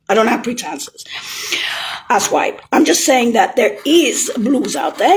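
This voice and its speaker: A woman's voice: fairly high pitch, slight background noise. Rambling, swearing woman ranting. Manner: rambling, swearing, swings from shouting to whispering. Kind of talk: rambling monologue.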